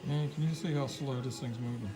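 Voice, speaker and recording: A man showing off his homemade workshop build in a casual, folksy, excitable way, chatting to his dog as he films on a handheld camera. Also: mid-range voice, fairly quick, over music, low-quality recording. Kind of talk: casual workshop demo vlog. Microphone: handheld camera mic.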